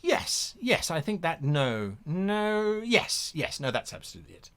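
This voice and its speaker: A man hosting an instructional talk in an animated way, acting out examples as he goes. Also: fairly high pitch, unhurried, smooth. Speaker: host.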